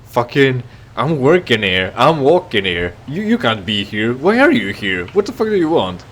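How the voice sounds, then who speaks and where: A man's voice: mid-range voice, very animated, normal speed, fairly bright tone. A man voicing a rude, hostile male alien merchant who curses and stammers with scorn. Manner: sneering, cursing, stammering.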